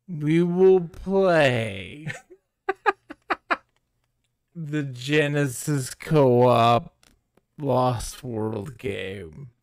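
A man's voice: mid-range voice, lively intonation, extremely slow, pauses often, smooth, no echo, studio quality. A man streaming games live, chatting casually to his viewers in a giggly, rambling way.

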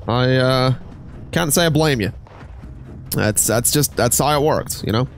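A man's voice: mid-range voice, unhurried, soft background music. A man streaming a game, rambling and joking with chat in casual gameplay commentary.

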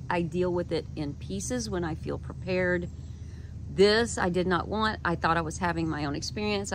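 A woman talking straight to camera, telling a personal story in an animated way and acting out her own quoted thoughts. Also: fairly low pitch, a little hiss or hum. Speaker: video creator.

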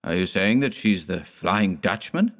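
A man voicing an excitable young lighthouse keeper who exclaims in alarm, in an audiobook horror story. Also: low-pitched, a little slow. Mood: frightened.

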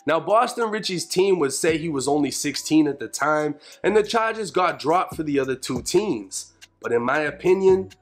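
A man giving a measured, matter-of-fact scripted narration for an investigative video. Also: a little high, animated.

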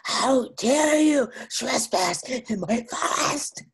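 A woman's voice: on the high side, lively intonation, gravelly, slightly rough, voice pushed up, full character voice. A woman voicing a huge, ugly, mean male forest monster who drags out his threatening challenges. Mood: menacing. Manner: slow, menacing, drawn-out challenges.

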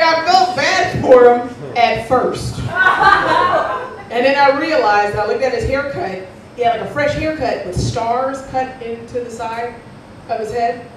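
A woman performing a stand-up comedy set, telling a crude story in a brash way and slipping into acted-out voices. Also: sits high. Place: comedy club stage with audience laughing. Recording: echoey distant live club recording.

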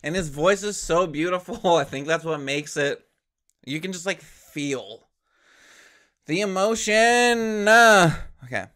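An excitable man gushing his way through a casual reaction commentary. His voice sits on the higher side, and he sounds openly emotional. Faint music plays underneath him. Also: slow. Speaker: reaction video host.

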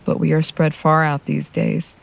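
A woman reading a story, voicing a kindly older woman who speaks softly and gently. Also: low-pitched, little pitch movement, unhurried, vocal fry, slight background noise, exaggerated voice. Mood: gentle. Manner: soft, gentle delivery.

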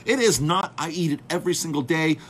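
A chef telling a story to his viewers in a casual, animated way, acting out the dialogue and calling his audience "folks". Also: on the high side, fairly quick, a little hiss or hum. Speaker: chef and speaker.

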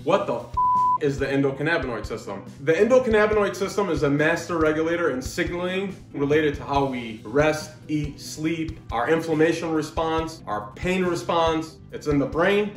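A man's voice: fairly high pitch, lively intonation, normal speed, soft background music. A man hosting a comic educational podcast, explaining in a joking, swearing, rambling way. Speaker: podcast host, pharmacy doctor. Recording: roomy echo.

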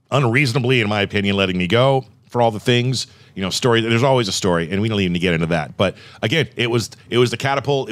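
A man's voice: on the low side, fairly bright tone, dry recording. A man hosting a podcast, chatting casually about his radio work in a self-deprecating way. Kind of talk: casual chat.

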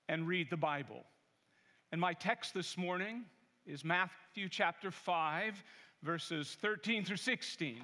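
A male pastor preaching a sermon in a church, emphatic and deliberate. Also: high-pitched, sharp tone. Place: large church sanctuary. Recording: long hall reverb.

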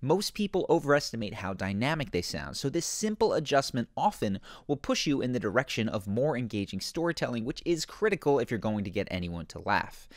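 A man hosting and narrating an explanatory video in scripted narration, with an animated, explanatory manner. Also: mid-range voice, fairly quick, few pauses, no echo, studio quality. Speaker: host.

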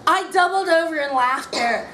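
A woman's voice: very high voice, animated, moderate pace, sharp tone, reverberant, slight background noise, poor audio. A woman author reading her memoir aloud at a bookshop event, wry and amused. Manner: wry, amused, often laughing between lines.

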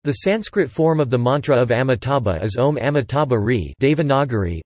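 A computer-generated man's voice reading an encyclopedia article in an even, flat machine delivery. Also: mid-range voice, brisk, few pauses, no echo. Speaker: text-to-speech reader.

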